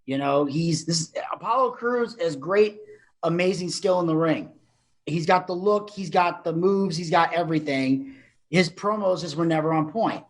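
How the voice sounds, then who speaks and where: A man co-hosting a casual podcast, his voice sitting a little high. He talks in long, chatty stretches with frequent restarts as he lays out his opinions. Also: normal speed. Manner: chatty, explains at length with many restarts. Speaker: co-host.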